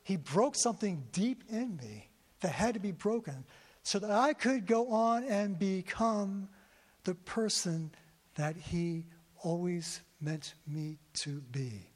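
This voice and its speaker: High-voiced man preaching in a hall. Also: slow. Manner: emotional storytelling, repeats words. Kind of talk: sermon testimony. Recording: long hall reverb.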